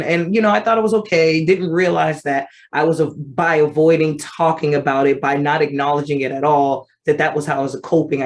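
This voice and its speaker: A woman in her thirties telling her personal story as an advocate, conversational and animated, acting out her remembered thoughts. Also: sits low. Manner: conversational with frequent fillers. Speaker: vitiligo advocate.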